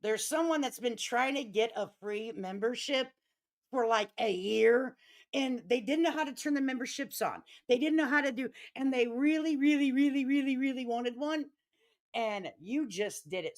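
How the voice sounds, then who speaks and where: A middle-aged woman with a Chicago accent hosts a casual live stream, talking in a brash, profane way and getting riled up and loud. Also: a little high, moderate pace.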